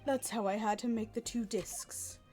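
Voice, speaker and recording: A bitter, ambitious man lays out his crimes in a steady, measured way, read by a woman. The voice sits a little high, with faint music playing underneath. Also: close to an everyday voice.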